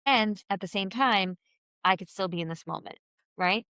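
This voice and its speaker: A woman's voice: medium pitch, normal speed, bright, forceful tone, smooth, dry recording. A woman hosting a podcast interview, talking in an open, chatty, rambling way. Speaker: podcast host.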